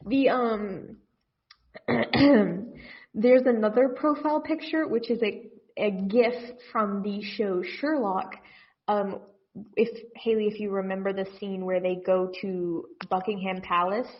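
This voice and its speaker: A woman's voice: mid-range voice, takes it slowly. Woman podcast co-host on lo-fi audio. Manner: rambling, self-interrupting, reads text deadpan. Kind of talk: casual comedic chat, reading fanfiction aloud.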